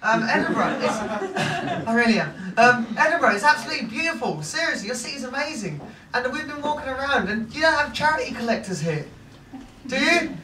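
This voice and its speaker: A man's voice: very high voice, big pitch swings, brisk. A young man, doing a stand-up set in a comedy club in a brash, swearing, self-mocking way. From Essex, England. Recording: echoey club from far off, loud crowd and noise.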